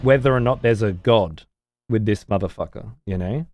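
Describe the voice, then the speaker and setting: Soft music plays behind a man with a fairly low, darkish voice speaking at normal speed. While streaming a game, he narrates the action and curses at his chat.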